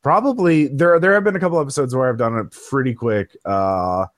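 A man's voice: mid-range voice, brisk, no echo, clean studio sound. A man chatting casually as a podcast guest, rambling with many restarts and fillers. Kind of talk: casual chat.

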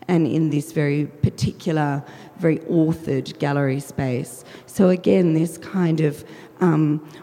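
A woman curator, speaking through a croaky, husky voice as she presents her projects in a measured talk with frequent ums. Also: low-pitched, warm tone. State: hoarse, croaky voice. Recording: long reverb of a lecture hall.

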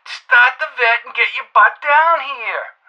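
A man playing an excitable buddy leaves a high, eager voicemail. He sounds energetic and casual. The sound is muffled, like an answering machine. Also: slow pace. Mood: excited. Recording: dull lo-fi voicemail line.

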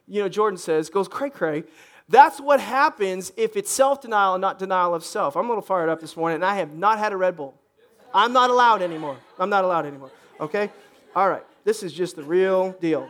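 A pastor preaching a lively sermon, joking and acting out people's voices as he goes. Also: sits high. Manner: animated, joking, acts out congregants' voices. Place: church stage.

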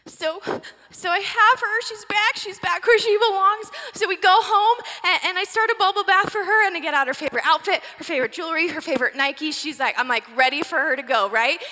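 A woman in her forties tells a sermon story with great drama. Her high, bright voice races with excitement, then drops to a hushed whisper. Long reverb from a large hall hangs around every line. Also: a little fast, few pauses. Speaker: preacher.

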